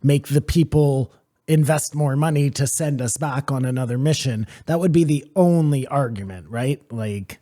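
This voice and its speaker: A man with a mellow, warm voice at an ordinary pitch, talking on a podcast. He argues his case methodically, laying it out point by point. The chat stays casual. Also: moderate pace. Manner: argumentative, lays out reasoning step by step.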